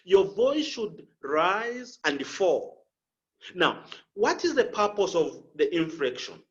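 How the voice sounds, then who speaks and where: A man coaching public speakers, slow and deliberate, repeating key phrases and showing inflection with his voice. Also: high-pitched, very animated, lo-fi sound. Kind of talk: instructional talk with spoken examples.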